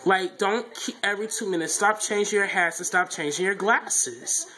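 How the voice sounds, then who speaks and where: A man's voice: sits high, moderate pace, poor audio. A man giving a casual, blunt vlog review of a reality show, repeating himself a lot as he talks. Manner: repetitive, animated, blunt opinions.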